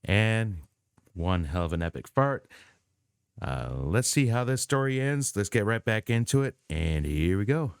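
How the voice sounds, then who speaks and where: A man hosting a reaction video in a low, smooth voice, relaxed and chatty as he comments between clips. The sound is dry and close. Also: a little slow, no room sound. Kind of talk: casual commentary.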